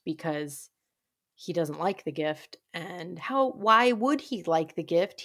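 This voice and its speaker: A woman co-hosting a podcast, chatting casually about a TV episode and laughing often as she talks. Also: on the low side. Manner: giggly, laughs often while talking. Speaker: podcast co-host. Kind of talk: casual chat recapping a TV show.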